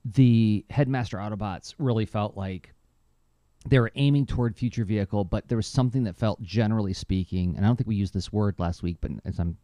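A middle-aged man talking casually as a podcast co-host, telling stories with lively enthusiasm. His voice is mellow and warm, and the sound is close and dry. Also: brisk, no room sound. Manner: animated, enthusiastic storyteller with lively pitch jumps. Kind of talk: casual chat.

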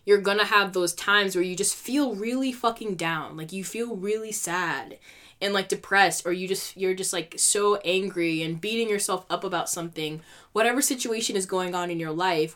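A woman's voice: fairly low pitch, fairly bright tone. Candid young woman ranting on a podcast. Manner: candid, emotional, heavy use of "like" and swearing. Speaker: podcast host. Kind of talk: casual solo podcast rant.

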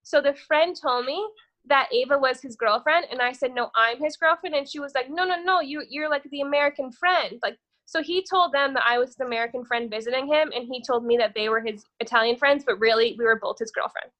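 A young woman chats as a podcast guest, her voice high and bright. She rambles through her story with plenty of swearing and offhand asides. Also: brisk, lo-fi sound. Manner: profane, rambling, says "whatever" a lot. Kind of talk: casual storytelling chat.

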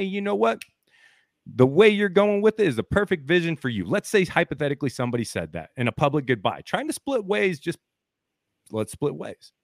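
Midwestern male podcast co-host, rambling storyteller with very lively pitch swings, dry close-mic sound. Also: no room sound. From American Midwest. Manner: rambling, hypothetical storytelling that swings from mutters to heated outbursts. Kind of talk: casual podcast chat.

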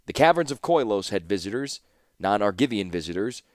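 A man reading a fantasy novel aloud in an even, measured narration. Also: fairly low pitch, no room sound, studio quality. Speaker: audiobook narrator. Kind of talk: scripted narration.

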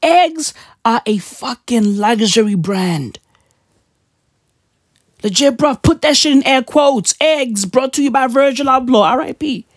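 A woman's voice: high-pitched, expressive, measured pace, dry recording, clean studio sound. A woman with a South African accent, ranting casually on a vlog with heavy swearing and slang. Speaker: vlogger. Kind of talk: profane casual rant.

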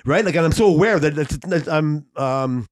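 A man co-hosting a casual podcast, telling a long story. He rambles, swears freely and leans on fillers. His voice sits a little higher than most men's. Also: animated, normal speed. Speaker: podcast co-host. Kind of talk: casual chat.

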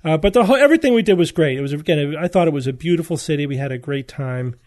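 A man's voice: on the high side, lively intonation, rapid-fire, darkish tone. A man hosting a podcast, telling travel stories in casual chat with frequent restarts. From United States. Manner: chatty storytelling with restarts. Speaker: podcast host.

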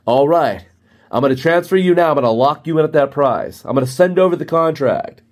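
A man's voice: a little high, a little fast, darkish tone, pitched above the performer's own voice, natural voice. A man voicing an overeager male salesman who keeps pushing to close the deal. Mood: eager pitch. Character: pushy fast-pitching adult male salesman.

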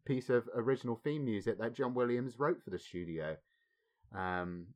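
A man co-hosting a film podcast, speaking in a measured way and chuckling often. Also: mid-range voice, darkish tone. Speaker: podcast co-host. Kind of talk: casual film discussion.

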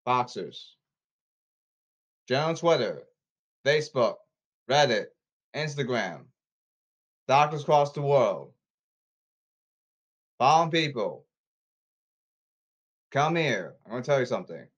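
A man ranting on his own podcast, repeating himself and calling people out, swinging from apologetic mutters to shouts. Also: mid-range voice, big pitch swings, slow, pauses often, muffled recording. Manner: repetitive, emphatic, calling people out. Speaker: podcast host. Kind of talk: rambling solo podcast rant.

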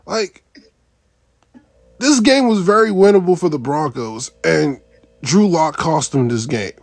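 A man co-hosting a casual sports podcast, who laughs often and exclaims loudly. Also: on the high side, animated, unhurried, dry recording. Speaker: podcast co-host.

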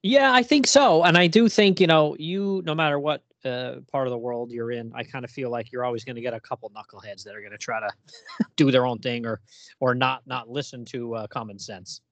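A man hosts a comics podcast in a loose, rambling way, full of "you know" fillers and easy laughs. His pitch sits in the middle for a man. The sound is dry and close. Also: fairly quick, no echo. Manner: relaxed, rambling, many fillers, laughs often. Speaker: podcast host. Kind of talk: casual chat.

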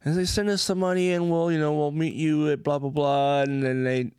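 A man's voice: fairly high pitch, little pitch movement, brisk, a little mellow, clean tone, dry recording, studio quality. A man co-hosting a casual podcast, rambling and stumbling over repeated words as he explains things. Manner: rambling, repeats words, many fillers and restarts. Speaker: podcast co-host. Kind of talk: casual chat.

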